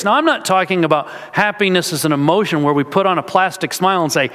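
A man's voice: high voice, lively intonation, quick pace, hardly any pauses, fairly bright tone. A man preaching a sermon, earnest and storytelling, with casual asides to the congregation. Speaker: pastor. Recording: echoey hall.

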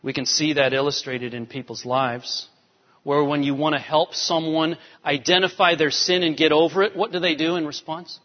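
A male pastor giving an animated sermon, swinging between soft, quiet lines and emphatic rises. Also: fairly high pitch, normal speed. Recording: dull sound with long hall reverb.

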